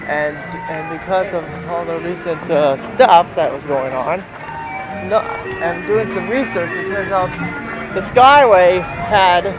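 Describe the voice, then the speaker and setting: A man's voice: high-pitched, poor audio. A young man vlogging while walking outdoors in a theme park, rambling with restarts and slightly out of breath, recorded on a handheld camera. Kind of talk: casual walking vlog. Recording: outdoor camera audio with loud ambient noise.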